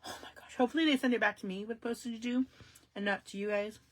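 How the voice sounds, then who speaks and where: A woman's voice: fairly high pitch, fast talker. Chatty woman hosting a crafting live stream. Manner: talks straight to viewers, venting with sudden loud exclamations and hushed asides. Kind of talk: casual live-stream chat.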